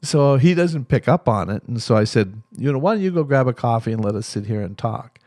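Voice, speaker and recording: A man's voice: mid-range voice, animated, fairly quick, darkish tone, no room sound, clean studio sound. A man being interviewed as a therapist, telling stories animatedly and acting out the voices of the people in them. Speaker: guest, therapist. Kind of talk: storytelling interview talk.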